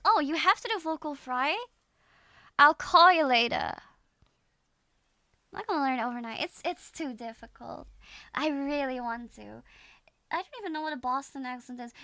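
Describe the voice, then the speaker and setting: A woman streamer whose first language is Dutch chats playfully on a live stream. Her voice sits high and sounds bright and sharp. The recording is dry and close. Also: no echo. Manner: playful, repeats practice phrases aloud. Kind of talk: casual live-stream chat.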